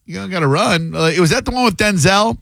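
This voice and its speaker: A man's voice: high-pitched, expressive, a little fast, vocal fry, fairly bright tone, dry recording. A man hosting a casual radio talk show, joking around loosely with a laugh in his voice, on a studio mic. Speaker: radio host.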